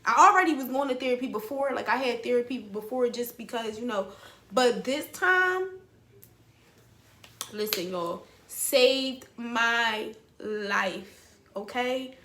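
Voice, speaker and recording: A woman's voice: a little high, expressive, moderate pace, pushed and bright, roomy sound, a little hiss or hum. A young woman, telling a raw personal story to her viewers, blunt and emotional and swearing freely. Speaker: vlogger. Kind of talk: candid storytelling to camera.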